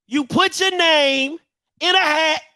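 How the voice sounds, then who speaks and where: A man in his thirties hosting a show, delivering a heated commentary rant with mocking rapid-fire rhetorical questions and bursts of shouting. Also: very high voice, no room sound, clean studio sound. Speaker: show host.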